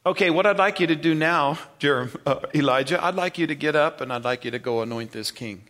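A man preaching a sermon, retelling scripture with animated storytelling and questions to the congregation. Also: a little high, brisk. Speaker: pastor.

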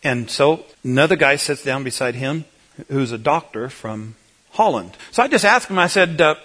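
Bright-voiced man preaching with comic stories. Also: mid-range voice, normal speed. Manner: animated, folksy and jokey, swings loud and soft. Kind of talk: humorous sermon storytelling.

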